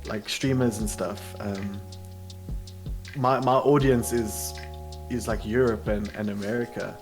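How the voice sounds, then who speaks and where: A man's voice: on the low side, fairly even intonation, unhurried, a little mellow, faint music behind. A South African man, a content creator and podcast guest, chatting casually with many fillers and restarts.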